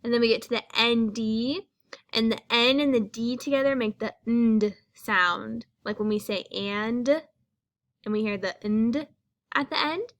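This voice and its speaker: A woman's voice: fairly high pitch, moderate pace, fairly bright tone. A woman teaching young children a phonics lesson, speaking patiently and sounding out each letter.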